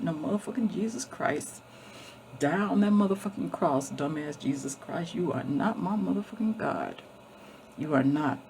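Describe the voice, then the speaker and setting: A woman vlogger tells a story in a blunt, emphatic way, swearing constantly and circling back over her words. Her voice has a gravelly fry to it. There is a faint hiss under the recording. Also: deep voice, darkish tone. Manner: repeats and restarts often. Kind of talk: casual storytelling.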